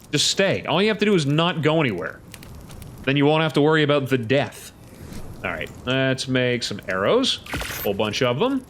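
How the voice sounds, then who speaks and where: An excitable man chatting through a gameplay session, his pitch jumping up and down as he reacts and scolds his creatures. His voice sits in a middle register. A faint hiss sits under the recording. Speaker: let's play host. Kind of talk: casual gameplay commentary.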